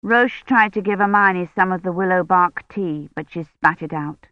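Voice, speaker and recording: A woman narrating a first-person audiobook in an earnest, quietly worried diary-reading manner, in a dull lo-fi recording. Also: lowish voice, normal speed, no room sound.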